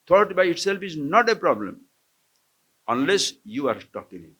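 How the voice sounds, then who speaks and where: Animated swami lecturing. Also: male voice, on the high side, normal speed, slightly rough. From India. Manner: animated, questioning, playful, chuckles often. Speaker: swami teaching scripture. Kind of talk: live spiritual discourse to a camp audience. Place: lecture hall at an ashram camp.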